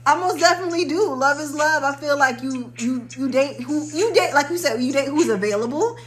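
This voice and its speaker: A young woman co-hosting a podcast, chatting in an animated, slangy way and laughing easily. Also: high-pitched, a little fast. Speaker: podcast co-host. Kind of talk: casual podcast chat.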